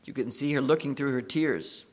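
A man preaching a sermon, retelling a story and swinging between hushed passages and emphatic ones. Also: mid-range voice, moderate pace.

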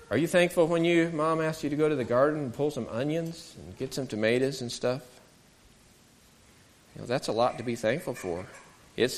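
A man's voice: medium pitch, a little hiss or hum. A man telling a Bible story to children, asking them questions and acting out the voices in the story.

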